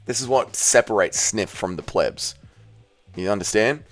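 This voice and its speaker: Reading chat aloud on his livestream, a laid-back man reacts casually and cusses freely as he jokes around. His voice sits on the low side, animated at a normal speed, over soft background music.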